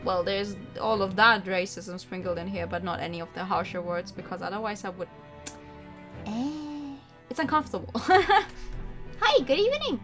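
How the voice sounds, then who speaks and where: A woman's voice: mid-range voice, normal speed, fairly bright tone. A woman streamer chatting casually through a game, sarcastic, swearing freely and laughing often. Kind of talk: casual gameplay commentary. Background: background music.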